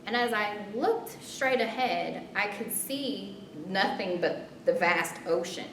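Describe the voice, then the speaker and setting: A woman performing a spoken story, expressive, her voice jumping high in tense moments and softening when reflective. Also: slow pace, a little hiss or hum. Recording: roomy, distant, rumbling background.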